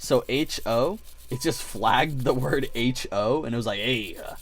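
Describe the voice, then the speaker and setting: A man's voice: mid-range voice, unhurried, dry recording. A man chatting casually on his livestream while building models, telling rambling stories, acting out voices and sound effects, and swearing freely. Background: faint music playing.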